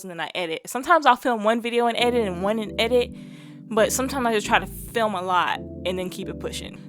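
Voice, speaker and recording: Chatty young woman hosting a reaction vlog. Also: fairly high pitch. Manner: chatty and slangy, rambling with lots of "like". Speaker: reaction channel host. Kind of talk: casual reaction vlog chat.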